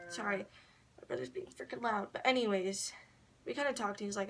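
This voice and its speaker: A woman's voice: medium pitch, moderate pace, long pauses, fairly bright tone, slight background noise. A woman vlogging at home, casually telling a personal story, full of slang, swearing and laughter.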